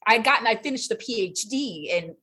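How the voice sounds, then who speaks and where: A woman in her thirties sharing her recovery story in a chatty, animated way, full of fillers and acted-out quotes. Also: a little high, quick pace, slightly rough. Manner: chatty and animated, quotes others in raised voices, frequent fillers. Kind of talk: casual personal storytelling.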